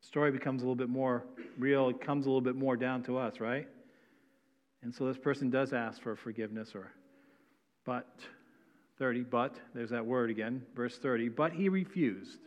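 A man's voice: mid-range voice, flat delivery, normal speed. Man, pastor, sermon, tags lines with "right?", long hall reverb, muffled recording. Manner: reads scripture then explains with frequent "right?" tags.

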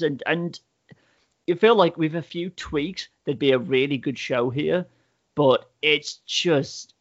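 Rambling man recapping a show, lo-fi. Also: medium pitch. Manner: rambling storyteller, many "like" fillers, swears freely. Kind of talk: casual chat, reviewing a TV show.

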